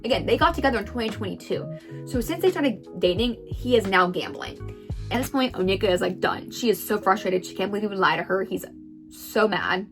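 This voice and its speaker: A woman retells someone else's story at a brisk, rapid clip. She is chatty and casual, dropping into quoted lines. Faint background music sits under her voice. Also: medium pitch, animated. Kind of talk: story recap commentary.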